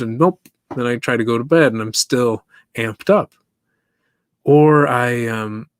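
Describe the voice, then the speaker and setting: An East African man with a middle-pitched voice hosts his own podcast, musing aloud in a casual solo monologue and turning questions back to the listener. He laughs easily, and his voice sounds close and dry, with no echo or room sound.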